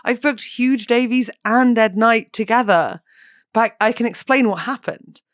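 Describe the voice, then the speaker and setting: A young woman hosting a comedy podcast, chatting in an animated, self-mocking way and swearing freely. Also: a little high, measured pace. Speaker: podcast host. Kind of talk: casual comedic chat.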